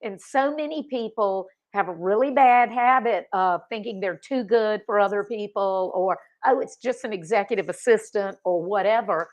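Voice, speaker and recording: A woman's voice: medium pitch, moderate pace, hardly any pauses. Agreeable woman hosting a podcast. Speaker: podcast host. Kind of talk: casual interview chat.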